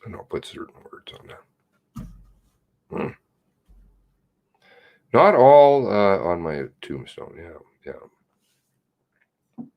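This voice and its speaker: A man's voice: lowish voice, big pitch swings, slow pace, creaky, long pauses, darkish tone. A man live streaming, chatting casually and reading viewer comments aloud in a rambling, self-mocking way. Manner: rambling and self-mocking, jumping between laughs and mutters.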